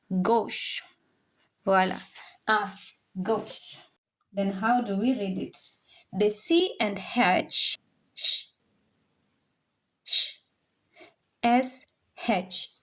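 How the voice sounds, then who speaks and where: A woman teaching a French lesson, saying each word slowly and repeating it for learners to copy. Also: medium pitch. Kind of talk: classroom language lesson.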